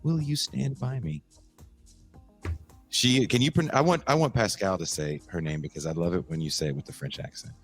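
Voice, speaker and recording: A man's voice: low voice, moderate pace, soft background music. A man hosting a podcast, joking around and introducing a guest in casual chat. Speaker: podcast host.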